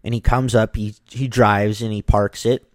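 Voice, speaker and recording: Low-voiced man telling a story. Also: moderate pace, dry recording. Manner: animated, acts out the people in his story. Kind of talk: casual storytelling.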